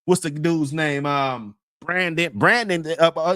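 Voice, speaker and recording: A man's voice: a little high, measured pace, hardly any pauses, bright, forceful tone, smooth, no room sound, studio quality. A man casually telling a long story in heavy slang, rambling with many fillers and laughing often as he talks.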